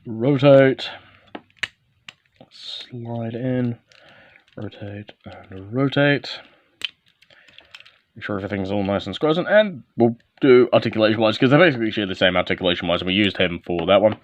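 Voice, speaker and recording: A man's voice: fairly low pitch, lively intonation, racing, hardly any pauses. A man giving a casual, hands-on toy review, calling out short step-by-step moves as he handles the figure. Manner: talks while handling and transforming a toy, short step-by-step instructions. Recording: dull lo-fi, dry.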